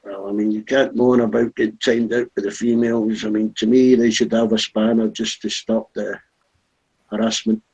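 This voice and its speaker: A man's voice: lowish voice, moderate pace, creaky, darkish tone, slightly rough, poor audio. A man chatting casually, teasing with dry jokes. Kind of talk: casual chat.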